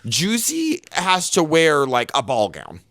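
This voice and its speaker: A man co-hosting a podcast, chatting casually with lots of fillers and an animated delivery. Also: a little high, slow pace, vocal fry, no echo, clean studio sound. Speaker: podcast co-host. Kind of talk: casual chat.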